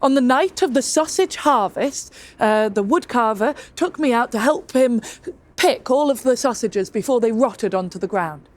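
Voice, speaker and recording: A woman's voice: fairly high pitch, lively intonation, moderate pace, natural voice. Woman playing a gullible gossiping tailor. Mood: eager. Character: gullible gossiping male tailor, eager to please.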